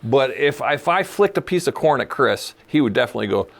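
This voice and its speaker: A man in his forties or fifties, co-hosting a podcast in casual chat, an animated storyteller who laughs often and acts out the people he quotes. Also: medium pitch, brisk, gravelly, slight background noise. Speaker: podcast co-host.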